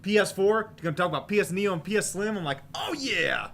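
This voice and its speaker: A man co-hosts a casual gaming podcast in a slightly high voice. He rambles and jokes, with plenty of fillers. A faint hiss sits under the recording. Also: rapid-fire, fairly bright tone. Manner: rambling, jokey, lots of fillers. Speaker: podcast co-host. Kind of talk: casual chat.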